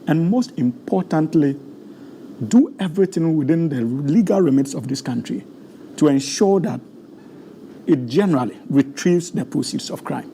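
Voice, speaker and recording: A man, hoarse and losing his voice, arguing a legal point formally as a guest in a TV studio discussion. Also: on the high side, animated, moderate pace, dark tone, a little hiss or hum.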